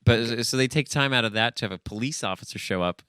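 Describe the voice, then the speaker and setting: A man's voice: medium pitch, fast talker, bright, forceful tone, clean tone, no echo, clean studio sound. A man co-hosting a comedy podcast, chatting casually and stumbling over his words as he loses his place. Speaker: podcast co-host. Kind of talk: casual comic banter. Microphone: studio podcast mic.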